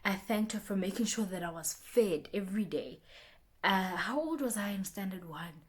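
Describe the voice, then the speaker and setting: A young woman talks straight to camera in a casual motivational vlog. She is chatty and loose, circles back over her own words with restarts and fillers, and breaks into lively little voices for what her friends said. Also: medium pitch, normal speed. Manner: chatty, repeats herself, many restarts and fillers; acts out friends' lines in lively bursts. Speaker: vlogger.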